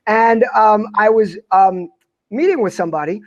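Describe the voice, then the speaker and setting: A man's voice: sits high, normal speed, highs cut off. A man co-hosting a casual video call chat, effusive and enthusiastic. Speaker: co-host.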